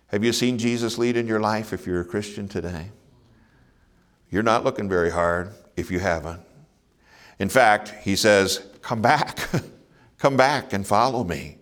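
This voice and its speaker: A man preaching a sermon, earnest, asking his listeners rhetorical questions and chuckling now and then. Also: sits low. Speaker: pastor.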